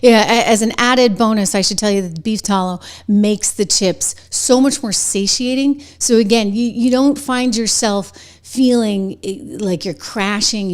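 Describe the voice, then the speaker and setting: A woman with a New England accent hosting a commentary show, talking in a chatty, animated way and laughing between points. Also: medium pitch. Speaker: show host. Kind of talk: commentary with a sponsor read.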